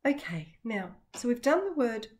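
Lively sing-song woman teacher. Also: fairly high pitch. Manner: slow, sing-song and encouraging, with pauses for answers. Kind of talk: children's vocabulary lesson.

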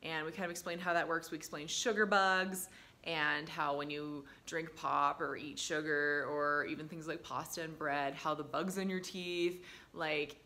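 A woman telling casual stories about her dental work, chatty with lots of fillers, breaking into bright quoted voices. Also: on the low side. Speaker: dental hygienist vlogger. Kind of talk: casual storytelling to camera.

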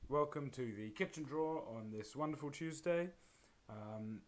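A man with a croaky, laryngitis-strained voice hosts a live-streamed prize draw, greeting viewers by name in a friendly way. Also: medium pitch, moderate pace.

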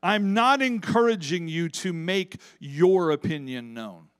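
Male pastor, high-pitched, measured delivery, emphatic church sermon. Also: expressive, clear, resonant tone, dry recording, studio quality. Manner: impassioned, emphatic preaching. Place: church service.

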